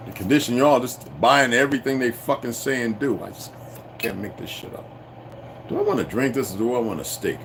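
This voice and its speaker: A man ranting to his viewers in a profane, confrontational way, swinging between shouting and low muttering. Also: brisk, a little hiss or hum. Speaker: channel host. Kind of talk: unscripted rant to viewers.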